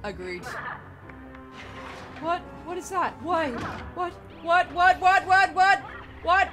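A woman giving casual, excitable commentary while playing a video game, swearing and shrieking at what happens on screen. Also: very high-pitched, takes it slowly. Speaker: let's play gamer. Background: game music.

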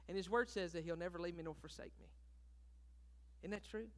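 A man preaching a sermon as pastor. He swings between hushed, intimate talk and loud, fervent preaching, and calls out questions to the congregation. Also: high voice, brisk, long pauses. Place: church sanctuary. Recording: long reverb of a large hall.

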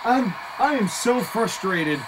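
Excitable wrestling commentator over background noise. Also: medium pitch, slow. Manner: excitable, laughs often, openly partisan.

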